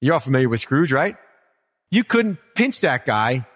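Humorous pastor in a reverberant hall. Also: male voice, high-pitched, big pitch swings, moderate pace. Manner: conversational and humorous, asks the congregation questions. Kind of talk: sermon.

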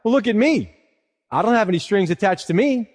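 A man's voice: sits high, lively intonation, brisk, darkish tone, in a large hall. A man doing a sly, mocking crow. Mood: taunting. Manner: mocking, coaxing. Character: sly taunting crow, male, tempter.

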